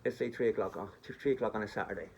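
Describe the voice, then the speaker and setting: A man's voice: on the low side, rapid-fire, a little mellow, slight background noise. A man telling a story in a chatty, rambling way, speaking directly to his listeners on a phone recording. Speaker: vlogger. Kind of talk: casual storytelling.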